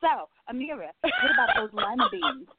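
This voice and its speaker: A woman's voice: sits high, huge pitch swings, moderate pace, very noisy. A woman on a radio chat show, teasing and playful. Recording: phone-like sound.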